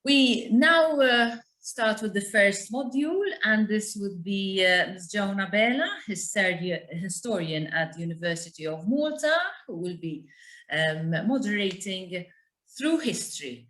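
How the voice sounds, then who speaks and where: A woman's voice: mid-range voice, animated, measured pace, fairly bright tone. A woman with a Maltese accent acting as event host at a conference, chatty and informal as she thanks speakers and introduces the next session. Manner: chatty, informal, repeats words. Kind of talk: conference emcee. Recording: echoey room.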